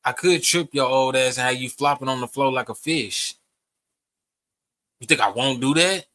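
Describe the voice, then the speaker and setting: A man's voice: mid-range voice, normal speed, pushed and bright, dry recording. A young man, ranting profanely to camera in a heated, rambling way. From Texas. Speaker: vlogger. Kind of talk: casual rant to camera.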